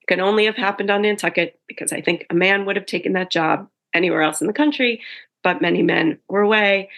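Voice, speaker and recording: A woman's voice: lowish voice, a bit bright. A woman author in a casual interview, telling her story in a chatty way and often correcting herself mid-sentence.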